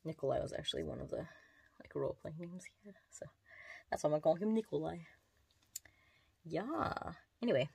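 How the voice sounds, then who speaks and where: A woman's voice: low-pitched, animated, a little fast, vocal fry, long pauses, a little mellow, breathy edge, no echo. A woman vlogger talking in a meandering, confessional way while she does her makeup at a mirror at home. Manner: rambling, meandering, distracted while doing makeup. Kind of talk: casual confessional chat.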